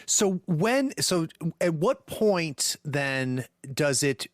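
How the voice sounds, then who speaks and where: A male host with a slightly higher voice asks questions, restarting and checking as he goes. The sound is close and dry. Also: sing-song, drawn-out words, no echo. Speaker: podcast host. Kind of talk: interview questions.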